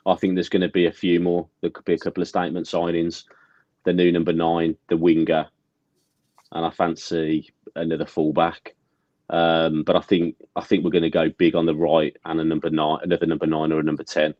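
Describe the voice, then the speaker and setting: Deep-voiced man, lo-fi sound. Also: monotone, brisk, a little mellow, dry recording. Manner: jokey, banterous, gives confident opinions. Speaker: fan podcast co-host. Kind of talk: casual fan podcast chat.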